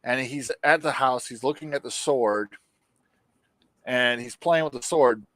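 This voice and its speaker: A man's voice: mid-range voice, a little slow, no room sound. A man casually recapping a show for a podcast, swearing freely and acting out the characters' lines as he tells it. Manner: animated storytelling, acts out quotes. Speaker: podcast co-host.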